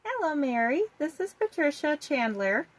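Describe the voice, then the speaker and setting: A woman's voice: high voice, big pitch swings, moderate pace, pitched above the performer's own voice. A woman voicing a polite, caring aunt in a read-aloud storybook. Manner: polite, friendly.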